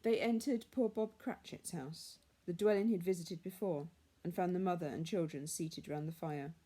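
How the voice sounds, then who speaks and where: A woman reading a classic story aloud in a measured, hushed manner. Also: fairly low pitch, steady tone. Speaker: reader.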